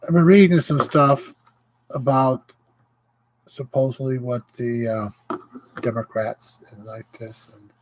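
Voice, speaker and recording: A man hosting his own livestream, ranting with indignation and pausing to greet viewers. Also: mid-range voice, steady tone, low-quality recording. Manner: impassioned, indignant, greets viewers mid-rant. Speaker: livestream host. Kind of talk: casual livestream rant.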